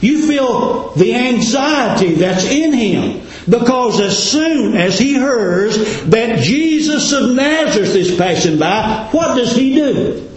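A male preacher with a high voice that swoops up and down through each phrase, delivering a sermon in plain, folksy speech. He speaks slowly, and the sound rings with heavy room echo. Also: animated. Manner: dramatic preaching cadence, rhetorical questions. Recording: very echoey room.

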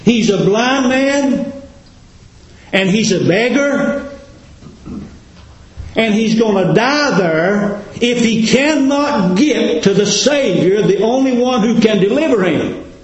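A male preacher with a high voice that swoops up and down through each phrase, delivering a sermon in plain, folksy speech. He speaks slowly, and the sound rings with heavy room echo. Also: animated. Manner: dramatic preaching cadence, rhetorical questions. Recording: very echoey room.

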